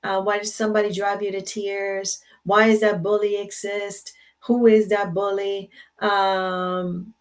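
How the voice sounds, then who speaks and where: Gravelly older woman hosting a live stream. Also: mid-range voice. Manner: warm, affirming, repeats phrases. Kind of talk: casual live-stream chat. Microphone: computer mic.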